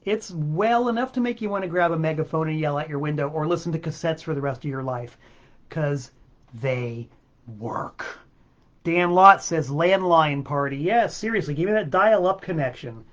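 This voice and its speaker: A man's voice: fairly high pitch, normal speed, highs cut off. Fed-up man ranting on a livestream. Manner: exasperated, sarcastic, swearing. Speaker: host of a music livestream show. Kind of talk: livestream rant. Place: home studio with a backdrop. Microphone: webcam mic.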